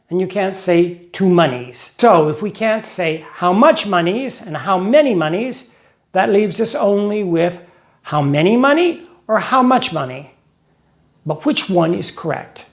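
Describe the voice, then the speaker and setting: Male teacher, high register, patient lesson narration built on examples and rhymes. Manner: explains slowly with examples and rhymes. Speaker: English teacher for Russian speakers.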